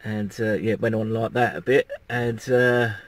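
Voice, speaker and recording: This campervan vlogger is a middle-aged man chatting in a loose, rambling way outside his van in the sunshine, with the odd swear word. He speaks at a moderate pace in a fairly low, steady tone.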